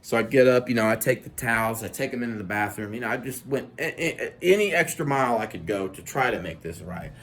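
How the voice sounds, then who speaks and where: A man telling a comic personal story casually, profane and animated, acting out scenes as he goes. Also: mid-range voice, quick pace, hardly any pauses, slight background noise.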